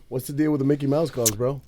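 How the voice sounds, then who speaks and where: A man's voice: mid-range voice, fairly even intonation, fairly quick, crowd noise. A man co-hosting a podcast in casual chat, teasing and joking, laughing often. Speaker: podcast co-host. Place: podcast room.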